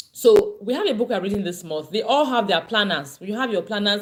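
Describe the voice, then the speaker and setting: A woman leads a parenting class. She talks earnestly and pleads with her listeners, repeating her points. Her voice sits at a middle pitch. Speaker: parenting course teacher. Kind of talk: online class talk.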